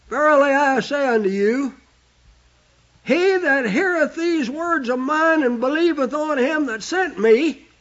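A man preaching a sermon, quoting scripture with emphatic, drawn-out stress on single words. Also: very high-pitched, a bit bright. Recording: dull lo-fi recording.

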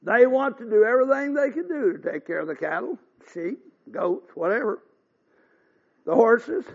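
A man's voice: very high-pitched, expressive, moderate pace, breathy edge. An older man preaching a revival sermon as pastor, folksy and earnest, building to fervent exhortations. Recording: dull lo-fi recording.

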